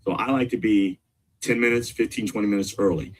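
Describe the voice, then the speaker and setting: A middle-aged man talking as a guest in an interview, energetic and emphatic, repeating his key points. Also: fairly low pitch, fairly quick, slight background noise. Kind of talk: casual interview talk.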